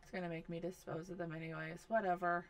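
A woman's voice: fairly low pitch, level tone, quick pace. Exasperated woman narrating her game. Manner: exasperated, bossing game characters around. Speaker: gaming video host. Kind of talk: casual gameplay commentary.

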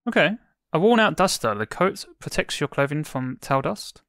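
A man's voice: fairly high pitch, very animated, moderate pace, fairly bright tone, no room sound. Chatty man musing over gameplay. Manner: chatty and musing, with hesitant restarts. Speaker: let's play gamer. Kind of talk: casual gameplay commentary.

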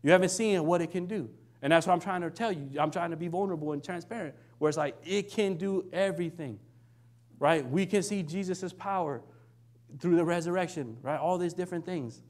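A man's voice: high voice, fairly quick. A young adult man giving a conversational sermon as a minister, often checking in with "right?" and acting out quoted lines. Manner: conversational, keeps asking "right?"; acts out quoted lines in shifting voices.

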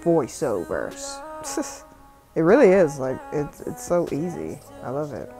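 Low-voiced Southern woman, profane and chatty. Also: very animated, slow pace, dark tone, soft background music. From South Carolina. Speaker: tutorial vlogger and music artist. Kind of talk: casual screen-recording voiceover. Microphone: phone microphone.

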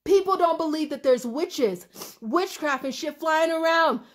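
Young woman, high voice, impassioned and profane livestream rant. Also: expressive, a little slow. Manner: emotional, profane, swings between shouting and laughing. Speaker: livestream host.

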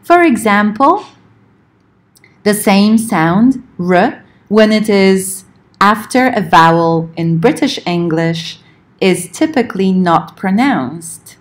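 A woman lecturing on linguistics, explaining points in a measured way and slowing down to spell out examples. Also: medium pitch, animated. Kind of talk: recorded lecture.

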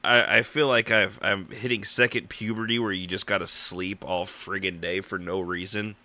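A man's voice: sits low, steady tone, moderate pace, bright, forceful tone, no echo. Jokey, rambling man hosting a chat show. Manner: jokey, rambling, mock-outraged. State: tired. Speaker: podcast host. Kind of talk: casual comedic chat.

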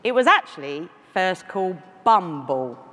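Low-voiced London woman giving a keynote. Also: sing-song, measured pace. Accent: London English. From London, England. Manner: warm, self-deprecating storytelling with asides and restarts. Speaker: keynote speaker. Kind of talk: conference keynote speech. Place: large conference hall. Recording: echoey hall with faint noise.

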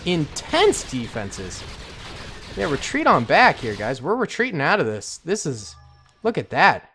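A man giving casual, excitable, slangy commentary while playing a strategy game, talking to himself and his viewers. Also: on the high side, normal speed, soft background music. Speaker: gaming commentator. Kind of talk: casual let's-play commentary.

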